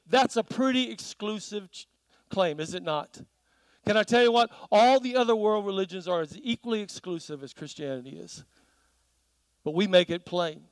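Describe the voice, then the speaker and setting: A man's voice: high voice, moderate pace, dry recording, poor audio. A man preaching a sermon in a church, telling stories and asking the congregation questions. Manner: animated storytelling with audience questions.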